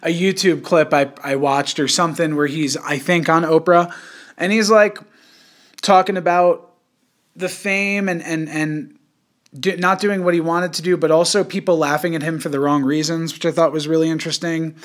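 A man's voice: fairly high pitch, fairly even intonation, normal speed, a bit bright. A young man hosting a podcast in casual chat, rambling and profane, full of fillers and restarts. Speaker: podcast host.

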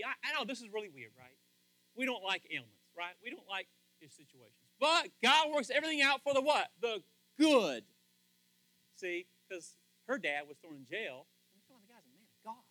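A man's voice: very high-pitched, bright, forceful tone, no room sound, poor audio. A man preaching a folksy sermon who tells stories and keeps asking the crowd fill-in questions. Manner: folksy and storytelling.

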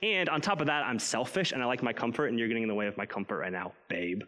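A man's voice: mid-range voice, fast, sharp tone, big-room sound. A man preaching a sermon in a conversational way, acting out inner voices and prayers as he speaks. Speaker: pastor.

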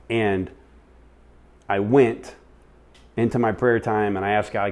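A man's voice: fairly low pitch, moderate pace, pauses often. A man speaking at church, telling a personal story in a sermon and acting out the people he quotes. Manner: animated, acts out quoted voices.

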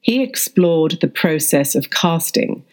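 A woman actor reading a scripted audio essay in a measured, deliberate way. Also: deep voice, lively intonation, darkish tone. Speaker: actor and media studies student.

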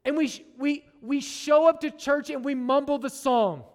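A man's voice: extremely high pitch, moderate pace. A middle-aged man preaching a sermon to his church, conversational and joking, tagging lines with "right?". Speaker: pastor. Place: church sanctuary. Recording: long reverb of a large hall.

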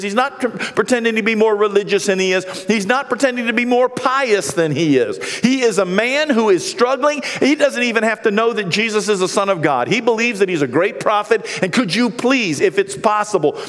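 Impassioned preacher in a reverberant hall. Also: male voice, sits high. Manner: impassioned, swings from hushed to loud. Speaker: pastor. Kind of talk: sermon. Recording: long reverb of a large hall.

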